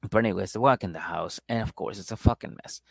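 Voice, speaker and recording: A man's voice: fairly low pitch, fast, creaky, a bit bright, no echo, studio quality. A man co-hosting a comedy podcast, casually recapping a reality show and acting out the people in it with profanity. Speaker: podcast co-host.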